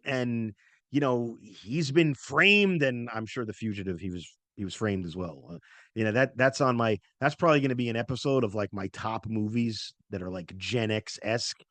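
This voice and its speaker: A man's voice: mid-range voice, a bit bright, no echo. A middle-aged man hosting a casual movie talk show, rambling with lots of fillers and self-corrections. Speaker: podcast host.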